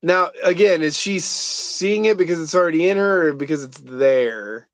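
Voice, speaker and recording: A man's voice: fairly high pitch, moderate pace, no room sound. A man co-hosting a casual movie commentary chat, rambling with lots of fillers. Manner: rambling, lots of likes and uhs. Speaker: podcast co-host.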